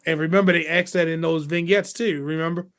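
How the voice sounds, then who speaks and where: A man co-hosting a wrestling talk show, talking in an animated way and acting out fan reactions. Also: a little high, brisk. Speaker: podcast co-host. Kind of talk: casual chat.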